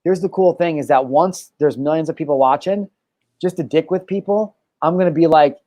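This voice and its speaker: A man's voice: a little high, fairly quick, mellow, no room sound. A man hosting a casual podcast, joking and slipping into a playful, mock-serious newscaster voice. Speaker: host.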